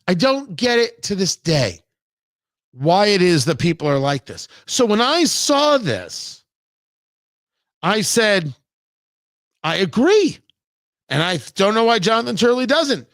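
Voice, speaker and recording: A middle-aged talk show host delivers an emphatic, sarcastic, opinionated talk-radio monologue, acting out imagined conversations. His high-pitched voice is fairly bright, captured in clean studio sound with no echo.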